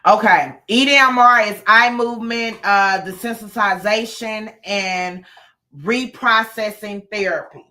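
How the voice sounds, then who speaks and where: A woman hosting a casual live chat from home, talking easily with frequent ums and pauses. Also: medium pitch, pushed and bright.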